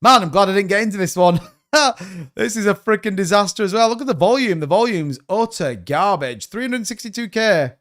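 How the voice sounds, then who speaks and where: A man's voice: high-pitched, animated, fairly quick, fairly bright tone. A man hosting a casual crypto live stream, rambling and thinking aloud with exasperation while he browses charts. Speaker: crypto livestream host.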